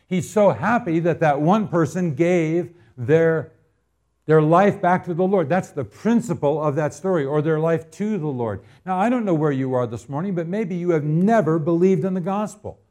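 A man from Arizona preaching in a church, his voice sitting a little high for a man. He moves from homespun storytelling into loud, emphatic appeals to the congregation. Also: moderate pace. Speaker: pastor. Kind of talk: sermon.

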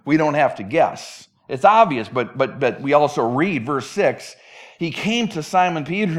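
A man's voice: fairly high pitch, lively intonation, moderate pace. A man preaching a sermon in a conversational, emphatic way, often repeating words as he restarts. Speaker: pastor.

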